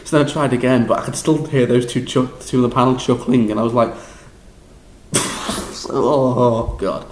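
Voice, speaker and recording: A young man with a Scouse accent talks through his audition in a loose, rambling vlog, tripping over his words and laughing at himself. His voice sits at an ordinary middle pitch, and the room around him rings with noticeable echo. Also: moderate pace, a little hiss or hum. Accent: Liverpool. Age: young adult. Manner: rambling, excitable, self-deprecating, frequent restarts and laughs. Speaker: drama school applicant. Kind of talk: casual vlog recap.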